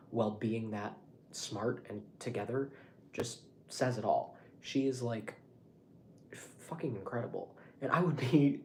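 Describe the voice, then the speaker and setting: A young man vlogging in a casual monologue, rambling and animated and swearing freely. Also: mid-range voice, slight background noise.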